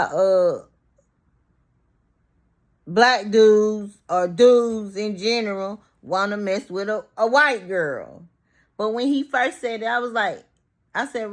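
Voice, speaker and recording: A woman speaks slowly and deliberately as she tells her viewers a story. Her voice sits at an ordinary middle pitch. She swears freely, laughs along, and acts out the quoted lines with punchy repeats. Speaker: vlogger.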